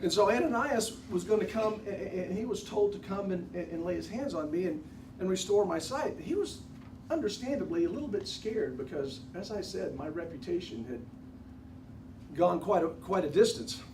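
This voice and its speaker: A candid, repentant former persecutor from ancient times, played by a man who tells his story straight to the listeners with folksy asides. His voice sits high for a man. It is recorded from a distance in a roomy hall, with clear background noise. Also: animated, normal speed. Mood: earnest. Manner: conversational, addresses the audience directly, folksy asides. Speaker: actor portraying a biblical figure for a church class. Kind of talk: first-person dramatic monologue. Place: church classroom.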